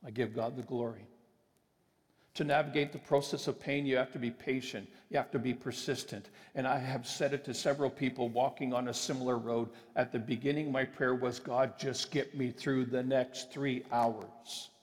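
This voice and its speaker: A man preaching a sermon, emphatic and sometimes slowing his phrases for weight. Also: mid-range voice, fairly even intonation. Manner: emphatic, with deliberate slowed phrases. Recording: long reverb of a large hall.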